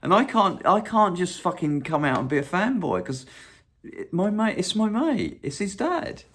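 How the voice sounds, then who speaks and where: An excitable man rambles on in a loose, unscripted monologue, his fairly high voice leaping up and down as he gets carried away. He swears often and slips into humming and singing between thoughts. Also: moderate pace. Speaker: channel host.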